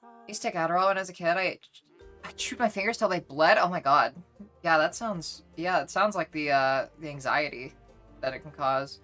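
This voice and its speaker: Woman streamer, low voice, bright tone, rambling casual chat, faint music behind. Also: fairly quick. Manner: chatty, rambling, frequent restarts.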